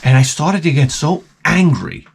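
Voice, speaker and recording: A man with a slightly high voice tells a story in a loose, rambling rant, swearing freely. He is animated and imitates the people he talks about. He sounds like a tradesman venting about his workday. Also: a little slow, gravelly, breathy edge. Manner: profane, animated, acts out people in quotes. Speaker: vlogger and closet installer.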